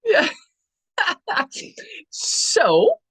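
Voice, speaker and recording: Slow-talking giggly woman co-host. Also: very high voice, wildly swooping pitch, fairly bright tone, no echo. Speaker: podcast co-host. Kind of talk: casual spiritual chat show.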